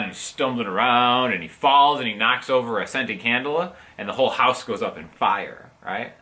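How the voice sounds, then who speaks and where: Bright-voiced man pitching comic movie ideas. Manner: animated storyteller, acts out quoted characters. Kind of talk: comedic improv pitch.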